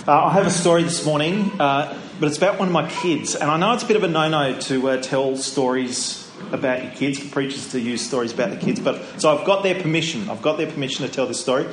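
A middle-aged male preacher delivers a conversational, story-led sermon. His voice sits a little high for a man, and it rings through a roomy church with a faint hiss behind it. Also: fast talker, hardly any pauses. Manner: conversational, storytelling, with rhetorical questions. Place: church sanctuary.

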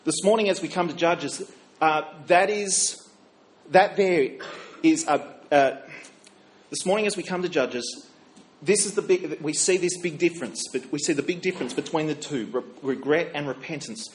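A man's voice: on the high side, normal speed. A middle-aged man, a minister, preaching a sermon in a chatty storytelling way, with fillers and self-corrections.

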